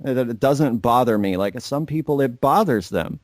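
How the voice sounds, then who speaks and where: A man's voice: medium pitch, animated, moderate pace, dry recording. A young man co-hosting a casual podcast, rambling and swearing, mocking people in put-on voices. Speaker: podcast co-host. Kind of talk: casual profane chat.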